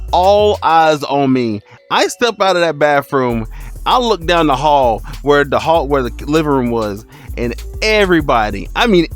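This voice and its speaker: Animated man telling a storytime. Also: a little high. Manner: animated, laughing and exclaiming. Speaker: streamer. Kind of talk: storytime vlog.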